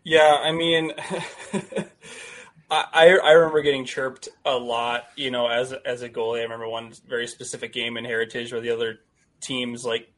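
A man's voice: medium pitch, flat delivery, moderate pace, fairly bright tone. A man who coaches goalies, chatting casually with frequent laughs and rambling asides. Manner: giggly, rambling. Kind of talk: casual chat.

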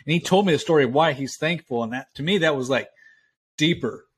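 A man's voice: fairly high pitch, quick pace, husky. A man, a US army veteran, talking casually and reflectively, often restarting with stammers. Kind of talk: casual chat.

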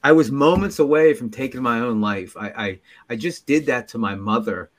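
A man telling his own recovery story as a podcast guest, earnest and halting, with many restarts and dips to near whispers. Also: medium pitch. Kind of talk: personal storytelling in an interview.

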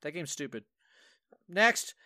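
A man co-hosting a casual gaming podcast speaks slowly in a slightly high voice, bright and forceful, recorded dry and close. His animated storytelling includes plenty of swearing and quoted asides where he acts out his own frustration.

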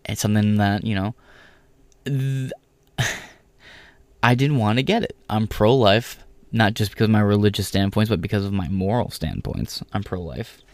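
A man's voice: lowish voice, normal speed, pauses often, dry recording. A man from the United States ranting in a vlog monologue, swearing constantly and mocking other people by mimicking them. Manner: profane, heated, swears constantly. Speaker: vlogger.

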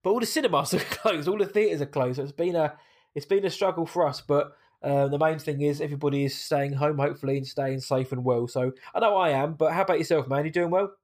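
British man, podcast co-host, slightly high voice, nasal, chatty. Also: fast talker, a little mellow. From Britain. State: nasal from hay fever. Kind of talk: casual podcast chat.

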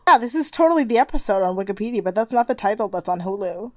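A woman's voice: mid-range voice, lively intonation, quick pace, no echo, clean studio sound. Chatty young woman recapping a show. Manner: chatty, lots of "like", laughs often. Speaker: podcast co-host. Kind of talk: casual chat recapping a TV show.

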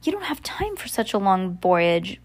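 A woman's voice: mid-range voice, sing-song, moderate pace. Woman reading an earnest bookish teen boy, storybook, pleading.

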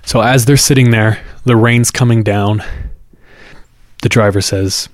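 Male storyteller, lower register, casual chat, dramatizes quoted voices, dry recording. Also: fairly even intonation, a little slow, dry recording. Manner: builds suspense, acts out quoted voices.

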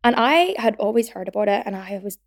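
A woman's voice: medium pitch, animated, a little fast. A woman in her twenties with a Belfast accent, hosting a podcast in a chatty way, packing her talk with "like" and acting out the quotes in her stories. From Northern Ireland. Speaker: podcast host. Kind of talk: casual chat.

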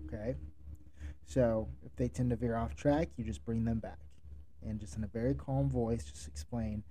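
Dark-voiced man giving direct advice. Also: medium pitch, steady tone, normal speed, slight background noise. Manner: direct, instructive, coaching tone. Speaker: podcast host, restaurant manager. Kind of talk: solo podcast monologue giving advice.

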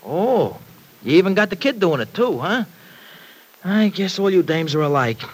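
An actor playing a brash, bitter young ex-con in a 1940s radio drama, talking in gruff slang. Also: male voice, high-pitched, sing-song, moderate pace, exaggerated voice, poor audio. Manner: slangy, gruff, self-pitying talk. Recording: old radio recording with faint hiss.

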